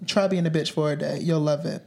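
A woman's voice: low voice, fairly even intonation, brisk, gravelly, warm tone, slight background noise. A woman co-hosting a podcast, talking in a blunt, teasing, casual way. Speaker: podcast co-host.

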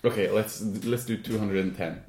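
A man's voice: fairly low pitch, moderate pace, a little mellow, echoey room, slight background noise. A man co-hosting a podcast, playful and laughing often, talking with small slips and restarts. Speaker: podcast co-host. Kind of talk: casual podcast chat.

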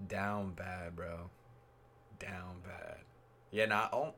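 A young man with a lowish voice hosts a podcast, spinning stories in easygoing slang. He laughs often as he talks, and a faint hum of room noise sits behind him. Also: fairly even intonation, drawn-out words, fairly bright tone. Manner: laid-back storytelling, slangy, laughs often. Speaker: podcast host. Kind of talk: casual chat.

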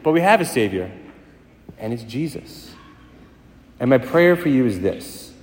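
A man preaching a sermon as a priest, fast-talking and emphatic, building to intense passages. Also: medium pitch, very animated, a little hiss or hum. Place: large church hall. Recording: echoey church hall with long reverb.

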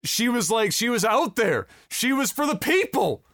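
High, lively young man from Canada. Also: normal speed, dry recording, studio quality. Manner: excitable, slangy banter. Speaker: podcast co-host. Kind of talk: casual chat.

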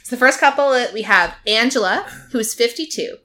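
Podcast host, woman, bright and clear tone, animated storyteller who laughs easily and fills with "like". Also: fairly high pitch, fairly quick. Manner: animated storytelling, laughs often, many "like" fillers. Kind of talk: casual chat recapping a reality show.

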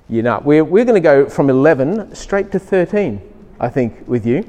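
A man's voice: fairly high pitch, big pitch swings, moderate pace, mellow. A man preaching a sermon as pastor, telling stories with emphatic rising lines. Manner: storytelling, acts out child's voice, emphatic rises. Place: church hall. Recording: long reverb of a hall.

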